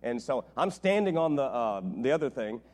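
A middle-aged man preaching as a visiting pastor, telling jokes and family stories in an animated way. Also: mid-range voice, moderate pace. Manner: joking, animated storytelling. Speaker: guest preacher. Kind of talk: sermon.

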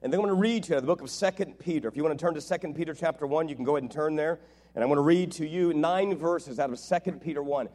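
A middle-aged man preaching as a visiting pastor, telling jokes and family stories in an animated way. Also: on the high side, very fast. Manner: joking, animated storytelling. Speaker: guest preacher. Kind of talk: sermon.

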